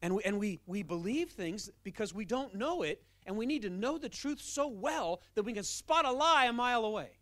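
A man who is a pastor, preaching a sermon in an animated, emphatic, conversational way. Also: sits high, normal speed, hardly any pauses, no room sound, studio quality.

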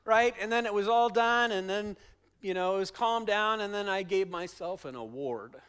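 A middle-aged male pastor preaching a sermon, telling stories with animated emphasis. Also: high-pitched, moderate pace.

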